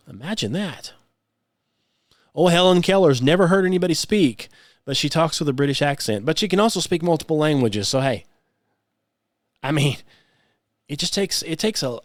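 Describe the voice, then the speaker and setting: A man's voice: mid-range voice, no room sound, clean studio sound. A man hosting a solo podcast, speaking, mocking and sarcastic, full of rhetorical questions. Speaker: podcast host.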